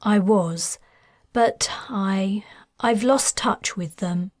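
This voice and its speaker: A woman voicing an anxious young mother searching for her children, speaking in a hesitant, halting way. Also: mid-range voice, no echo, clean studio sound.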